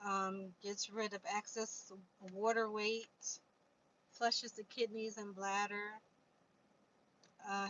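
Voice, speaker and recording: A woman's voice: medium pitch, fairly bright tone. Chatty woman on a lo-fi livestream. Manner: chatty, reads aloud from a book, talks to viewers. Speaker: livestream host. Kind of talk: casual livestream chat reading viewer comments. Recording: dull lo-fi stream audio with faint noise.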